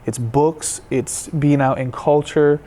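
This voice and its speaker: A man hosting an interview, enthusiastic and quick to affirm his guest. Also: on the high side, steady tone, dark tone. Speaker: host. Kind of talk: interview conversation.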